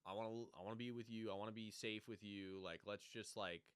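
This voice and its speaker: Guy on a podcast going over a show, super animated, smooth clear voice. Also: on the low side, no echo, studio quality. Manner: animated, acts out characters in quick impressions. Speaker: podcast co-host. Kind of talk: casual chat recapping a TV show.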